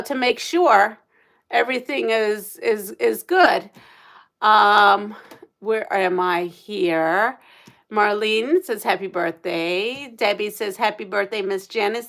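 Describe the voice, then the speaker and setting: A middle-aged woman hosting a casual livestream, chatting in a rambling, animated way and reading out viewer comments. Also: medium pitch. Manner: animated storytelling with gasps and laughs. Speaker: livestream host.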